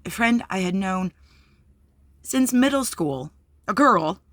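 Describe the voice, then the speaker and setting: A woman's voice: medium pitch, animated, slow pace, fairly bright tone, no room sound. A woman candidly telling a personal story on her vlog, blunt and profane, with many fillers. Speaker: vlogger.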